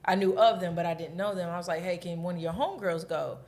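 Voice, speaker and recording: A woman's voice: fairly low pitch, fast, darkish tone. A woman in her thirties, a podcast co-host, telling a breakup story candidly in casual chat and swearing freely.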